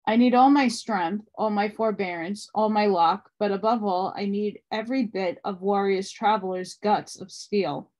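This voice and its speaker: A woman voicing an old male sorcerer teacher, speaking calmly and steadily in a read-aloud book. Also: medium pitch, normal speed, few pauses, close to an everyday voice. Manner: calm, steady instruction.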